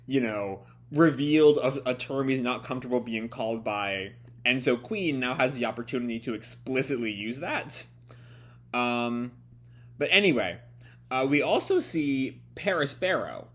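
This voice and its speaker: An excitable man reads through a comic and reacts as he goes, swearing and musing out loud. His pitch sits mid-range but jumps around in lively swings. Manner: excitable, swearing, thinking aloud. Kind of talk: casual read-along commentary.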